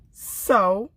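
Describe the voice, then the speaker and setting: A woman's voice: bright, forceful tone, dry recording. An older woman, giving casual commentary on a reality show with sassy, laughing asides. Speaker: reality TV reviewer.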